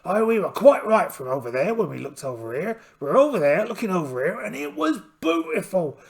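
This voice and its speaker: A man's voice: high-pitched, big pitch swings, a little fast, gravelly, full character voice. A man voicing a polite, boastful one-eyed pirate captain in a solo tabletop game, theatrical and full of exclamations. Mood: hearty. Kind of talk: in-character solo game narration.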